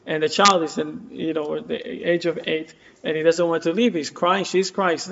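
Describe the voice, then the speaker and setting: A man's voice: fairly high pitch, level tone, moderate pace, creaky, fairly bright tone, a little hiss or hum. A man teaching a class and telling a story, with many fillers and restarts, acting out the quoted lines. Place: community center classroom. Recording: dull lo-fi room recording.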